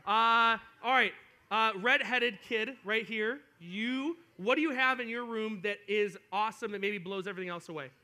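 A man's voice: high voice, moderate pace. A young man preaching an interactive sermon to kids as a youth pastor, telling stories and talking straight to his listeners. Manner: animated storytelling, addresses listeners directly.

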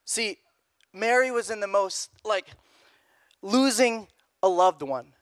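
A young man preaching a youth sermon in a casual, animated way, repeating phrases. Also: high-pitched, slow, smooth, dry recording. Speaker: youth pastor.

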